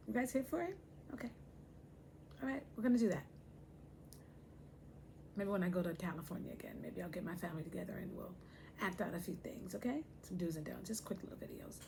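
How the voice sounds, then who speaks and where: Chatty woman with a gravelly voice. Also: on the low side, darkish tone, slight background noise. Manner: chatty, playful, addresses viewers directly. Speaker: host. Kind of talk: casual talk to camera.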